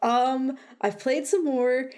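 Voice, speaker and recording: A woman's voice: high voice, steady tone, slow pace, a little mellow. Woman co-host with wry banter. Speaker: podcast co-host. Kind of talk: casual chat.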